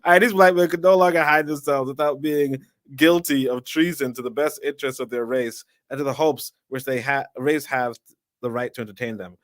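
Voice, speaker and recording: A man's voice: medium pitch, fairly even intonation, brisk, a bit bright, no echo, lightly acted. A man voicing a fiery 19th-century activist orator in a put-on Jamaican accent, declaiming with emphasis.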